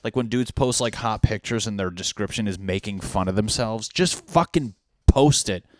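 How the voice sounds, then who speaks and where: Young male podcast host, low voice, dry sound, profane and mocking, casual rant. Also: normal speed, dry recording. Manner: profane, sarcastic, reads lyrics and captions aloud mockingly.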